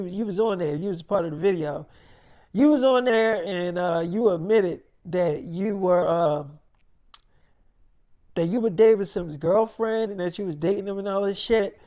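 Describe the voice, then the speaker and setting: A woman's voice: mid-range voice, dark tone. A woman casually improvising a story, rambling and swearing as she acts out both sides of a heated argument.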